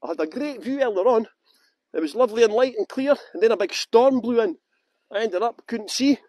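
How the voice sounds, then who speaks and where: A man's voice: extremely high pitch, expressive, a little fast, a little mellow, dry recording. A middle-aged man with a strong Scottish accent, chatting to viewers by name as he leads a live-streamed walking tour through town streets at night, laughing often. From Scotland. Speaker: tour guide.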